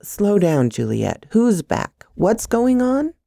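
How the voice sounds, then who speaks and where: A woman voicing a calm, reassuring young boyfriend in a story reading, speaking slowly and soothingly. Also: medium pitch, gravelly, no room sound, studio quality, pitched above the performer's own voice, exaggerated voice. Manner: soothing, slow and steady.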